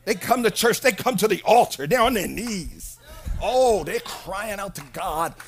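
A preacher delivering an animated sermon, shouting at times, laughing, and acting out quoted people. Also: medium pitch, measured pace.

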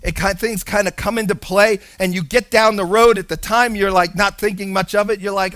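A male preacher delivering a sermon, animated, shifting between hushed and loud with sing-song emphasis. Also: high-pitched, brisk, hardly any pauses, dry recording.

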